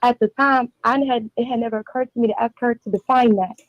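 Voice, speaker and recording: A young woman from Texas calls in, her voice sitting a little high and running on with restarts as she tells her story. The call sounds dull and dry, like a phone line. She talks in a casual, rambling way. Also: fairly even intonation, quick pace, no room sound. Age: 20s. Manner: long rambling personal story, restarts often. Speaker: caller.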